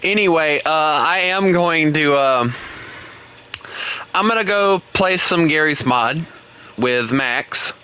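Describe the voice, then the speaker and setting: A young man with a Southern American accent streams a game live, chatting casually and teasing his viewers with jokes and quick restarts. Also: on the high side, pushed and bright, clear, resonant tone, low-quality recording. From United States. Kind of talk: casual live-stream chat while playing.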